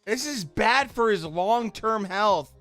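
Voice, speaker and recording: A young man streaming a live reaction, angry and profane, shouting bursts that trail off into mutters. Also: high-pitched, animated, takes it slowly, faint music behind. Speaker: streamer reacting to a boxing fight.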